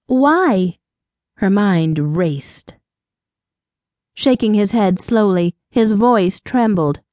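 A woman's voice: medium pitch, takes it slowly, mellow, no echo. Woman reading an audiobook, dry and close. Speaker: audiobook narrator. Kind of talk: scripted audiobook narration.

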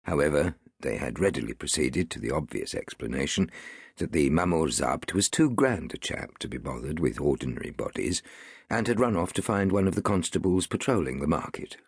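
A man narrating an audiobook in an expressive, wide-ranging storytelling manner. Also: extremely low pitch, fairly quick, breathy edge, no room sound, studio quality. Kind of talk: scripted narration.

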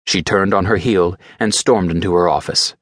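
A man narrating an audiobook in a steady, measured way. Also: low-pitched, dry recording, studio quality. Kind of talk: scripted narration.

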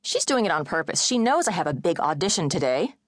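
A woman's voice: fairly low pitch, very animated, no echo, clean studio sound, pitched above the performer's own voice. Woman voicing a snappy, impatient young woman. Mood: exasperated. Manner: sharp, exasperated, talking fast. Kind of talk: audiobook character voice.

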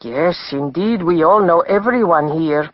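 A woman voicing a gentle old male innkeeper in an audiobook, speaking gravely and urgently. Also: on the low side, animated, a little slow, no room sound, muffled recording. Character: old male Greek village taverna owner, gentle.

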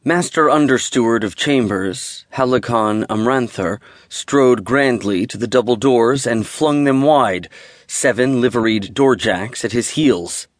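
A man's voice: medium pitch, dry recording. Male audiobook narrator in dry studio. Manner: steady, measured storytelling. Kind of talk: scripted fantasy narration. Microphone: close studio mic.

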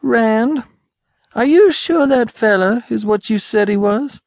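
A man's voice: very high-pitched, slow pace, creaky, darkish tone, no room sound, pitched above the performer's own voice, heavily acted. A man voicing a lean, buzzard-like frontiersman in an audiobook, sarcastic and doubting. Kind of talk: audiobook character voice.

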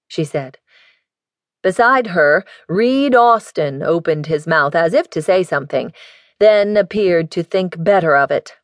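A woman narrating an audiobook in a measured, even storytelling manner. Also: low-pitched, dry recording. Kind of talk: scripted narration.

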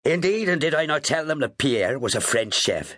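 A man's voice: medium pitch, sing-song, normal speed, fairly bright tone, no echo, clean studio sound, voice pushed up. A man voicing a jovial, rambling Irish sea captain in an audiobook, with an Irish accent and a teasing manner. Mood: amused. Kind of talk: audiobook character voice.

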